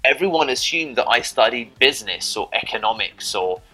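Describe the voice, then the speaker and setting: A man's voice: medium pitch, expressive, normal speed, sharp tone, soft background music, rough recording. A man giving dating advice in a casual, rambling monologue to camera, often adding "you know" and "right?". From Britain.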